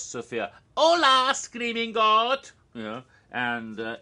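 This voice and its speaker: A man talks through a stage show from memory, rambling and amused and often circling back on himself. His voice is very bright and sharp. The pitch sits in the middle range. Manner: rambling, amused, with many restarts and asides. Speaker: host recounting theme park history. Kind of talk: casual spoken recap.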